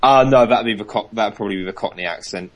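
Laid-back British man, low voice. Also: fast, crowd noise. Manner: laid-back, laughs often, brief replies. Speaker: podcast co-host. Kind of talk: casual podcast chat.

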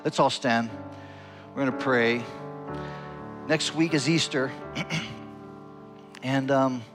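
Earnest preaching pastor over soft guitar. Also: male voice, steady tone, takes it slowly. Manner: earnest preaching with wide swings in pitch and loudness. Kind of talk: sermon.

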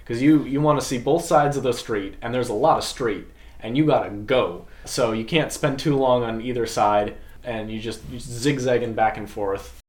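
A parade troll performer chats casually in an interview, an animated storyteller sharing anecdotes and acting out other people's voices. His medium-pitched voice moves at a moderate pace, and the sound is roomy.

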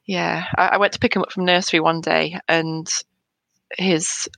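A woman in her thirties, a bereaved mother in an interview, talking in a hesitant, halting way with soft laughs between thoughts. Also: fairly low pitch, level tone, vocal fry, no echo, poor audio. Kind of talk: emotional personal conversation.

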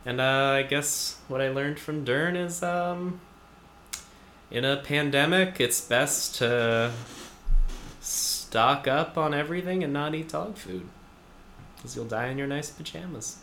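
A man's voice: on the high side, takes it slowly, sharp tone, a little hiss or hum. A man casually recapping a TV episode in chat, rambling with lots of fillers and wry asides. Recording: echoey room recording.

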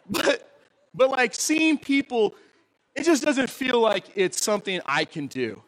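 A man, a pastor, preaching a sermon in an animated, joking way and often asking the audience questions. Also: extremely high pitch, a little slow, low-quality recording.

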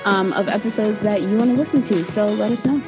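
A woman co-hosting a podcast in casual chat, excitable and slangy. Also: medium pitch, quick pace, music in the background. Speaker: podcast co-host.

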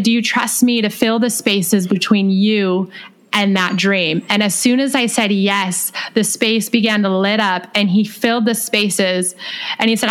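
A woman guest on a podcast telling a personal faith story, animated and laughing often, acting out dialogue. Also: mid-range voice. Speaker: podcast guest, author and speaker. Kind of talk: casual interview storytelling.

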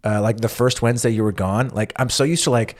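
A man's voice: medium pitch, fast talker. A man co-hosting a podcast in casual chat, rambling with lots of fillers and restarts. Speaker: podcast co-host.

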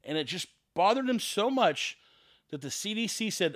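A man's voice: high-pitched, very animated, normal speed, a bit bright, dry recording, studio quality. A man hosting a solo podcast, ranting in a sarcastic, exasperated way and repeating himself for emphasis. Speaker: podcast host.

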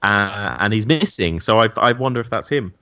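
Relaxed male co-host, low voice, dull dry recording. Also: moderate pace, no room sound. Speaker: podcast co-host. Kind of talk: casual chat.

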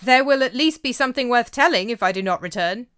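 Woman doing a fearless male shepherd, cheerful, loud and defiant, storybook telling. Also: a little high, animated, quick pace, clean tone, pitched above the performer's own voice. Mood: reassuring.

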